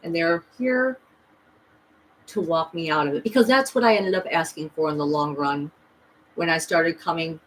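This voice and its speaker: A woman's voice: low voice, normal speed, slight background noise, rough recording. A woman vlogging a rambling, emphatic personal story, full of restarts and voices she quotes. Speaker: spiritual vlogger.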